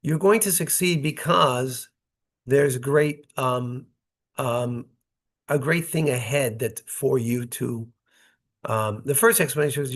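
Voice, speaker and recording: A man's voice: medium pitch, measured pace, a bit bright. Man teaching a Torah class. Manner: reads short Hebrew phrases, then explains in English; conversational, checks in with "right?" and "okay?". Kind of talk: Torah study lesson, reading verses and translating.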